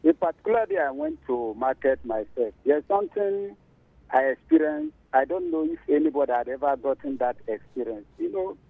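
A Nigerian man rings in and tells his story haltingly, his gravelly voice swinging wildly up and down. It sits fairly high for a man. The phone line makes it sound muffled. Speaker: caller.

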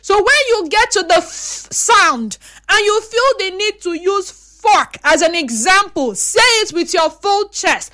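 A young woman with a very high, bright, ringing voice hosts a casual livestream chat and reads viewer comments aloud. She tells stories with lots of animation and acts out each side of the dialogue. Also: lively intonation, a little slow. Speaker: host reading viewer comments.

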